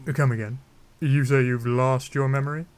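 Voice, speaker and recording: A man's voice: medium pitch, steady tone, normal speed, slight background noise, natural voice. King Dorephan, a man doing a stately fish-king. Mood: regal. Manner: formal, stately old-fashioned speech. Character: huge, booming old fish-king, courteous and regal.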